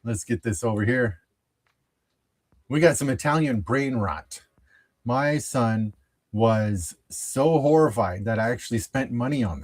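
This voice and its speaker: A middle-aged man hosting a card show in an easygoing, unhurried drawl. He breaks into chuckles at nearly everything and stumbles through fillers and restarts as he chats. His pitch sits at an ordinary middle height. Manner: chuckles often, easily amused; halting, lots of fillers and restarts. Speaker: sports card show host. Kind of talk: casual pack-opening chat.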